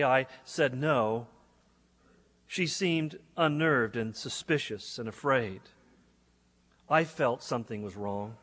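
A man's voice: mid-range voice, fairly bright tone. A man, a pastor, reading a letter aloud in a sermon in an earnest, dramatic way. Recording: echoey hall.

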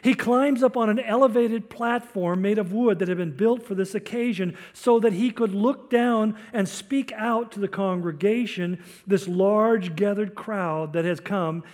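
A man's voice: sits high, measured pace, few pauses, a little mellow. An older man preaching a sermon, explaining scripture in a teaching tone with storytelling asides. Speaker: pastor.

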